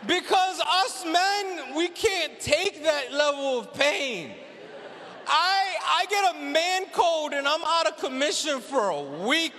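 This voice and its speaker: A man doing stand-up on stage, his voice pitched very high and sharp-edged. He tells his story animatedly and plays its characters himself. The hall around him rings with a long reverb. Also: slight background noise. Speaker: stand-up comedian. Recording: live venue with long reverb.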